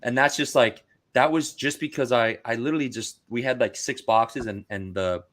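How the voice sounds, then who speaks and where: A man on a podcast telling casual, animated stories about card breaking, full of "dude" and "like.". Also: medium pitch, moderate pace. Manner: animated, acts out quoted voices, says dude and like a lot. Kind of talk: casual storytelling chat.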